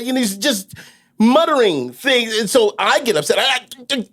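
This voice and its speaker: A man from New York City tells a long, rambling story in casual chat, stopping and restarting often. His voice sits high and swings widely up and down as he talks. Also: very animated, moderate pace, a bit bright. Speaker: podcast co-host.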